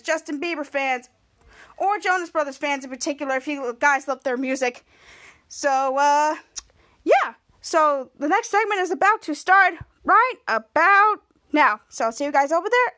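A woman with a very high voice hosts a casual podcast. She retells a TV episode in an excitable, rambling way and keeps restarting her sentences. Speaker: podcast host.

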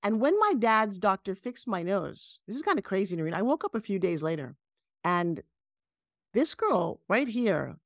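A middle-aged woman with a New York accent, a guest telling animated stories on a video call. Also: medium pitch, normal speed, no room sound, studio quality. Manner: animated, emphatic storyteller. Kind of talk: casual interview storytelling.

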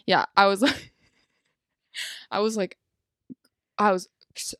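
A young woman co-hosting a podcast in casual chat, telling stories in a lively way full of "like" and acted-out quotes. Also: medium pitch, takes it slowly, no echo, studio quality. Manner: animated storytelling with lots of "like" and acted quotes. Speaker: podcast co-host.

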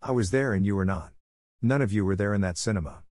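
A man's voice: on the low side, fast, darkish tone, no echo, lightly acted. A man voicing a proud, indignant American businessman from the 1890s, speaking sternly and defensively. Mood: defiant. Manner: stern and defensive, raising his voice.

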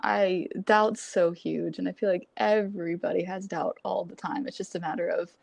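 A woman's voice: fairly low pitch, steady tone, moderate pace, vocal fry, a little mellow, no echo. A woman in her twenties, a graduate student guest in a podcast interview, upbeat and laughing often, with many likes. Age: 20s. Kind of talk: casual interview chat.

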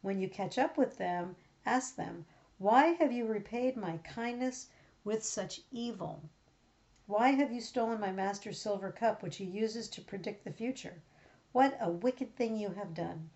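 A woman reading out the part of a stern, powerful male ruler in a measured, plain reading voice. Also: medium pitch, darkish tone, lightly acted. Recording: dull lo-fi recording.

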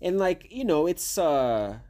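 A man's voice: fairly high pitch, unhurried. Profane, rambling young man co-hosting. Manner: rambling, profane, animated storytelling. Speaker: podcast co-host. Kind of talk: casual chat.

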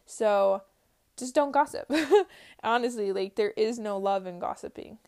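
Earnest young woman with a creaky voice. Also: medium pitch, measured pace, darkish tone. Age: early 20s. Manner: earnest, uses many "like" fillers. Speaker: vlogger. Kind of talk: casual faith-based personal talk.

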